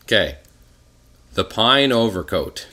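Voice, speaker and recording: A man's voice: fairly low pitch, sing-song, slow pace, bright, forceful tone. A man co-hosting a casual word-game chat, playful, laughing often and tripping over his words. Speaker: co-host.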